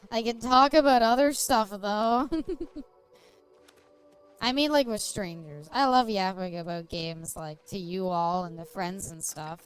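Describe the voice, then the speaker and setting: A woman's voice: mid-range voice, slow, clear, resonant tone, soft background music. A woman streaming a game and chatting casually, giggling often and swearing freely. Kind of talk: casual gaming stream chat.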